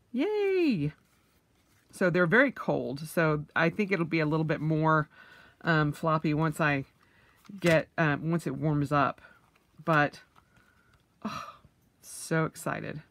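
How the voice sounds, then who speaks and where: A woman's voice: sits low, a little slow, pauses often, a bit bright, a little hiss or hum. A woman vlogger, middle-aged, unboxing purchases in a casual vlog, gushing with oohs and yays.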